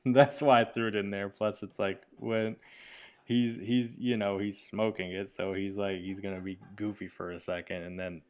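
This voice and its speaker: Low-voiced man rambling film commentary. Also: little pitch movement, moderate pace, a little mellow. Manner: rambling and enthusiastic, with frequent fillers and laughs. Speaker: filmmaker giving commentary on his own film. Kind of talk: casual commentary.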